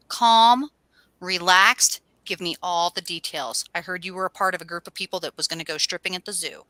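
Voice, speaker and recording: A middle-aged woman co-hosting a casual astrology chat, playful and jokey, breaking into sudden animated bursts. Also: fairly low pitch, fairly quick, no echo. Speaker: co-host.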